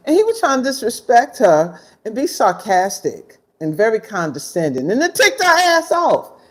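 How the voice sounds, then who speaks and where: Animated, blunt woman ranting outdoors. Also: mid-range voice. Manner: blunt, animated, swearing freely. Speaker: vlogger. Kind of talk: casual storytime rant. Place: outdoors in the sun.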